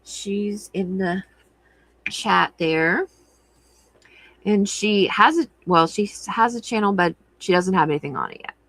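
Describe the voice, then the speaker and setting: A woman's voice: mid-range voice, a little slow, fairly bright tone, dry recording, poor audio. A middle-aged woman hosting a crafting livestream, chatting casually and giggling while reading viewer comments.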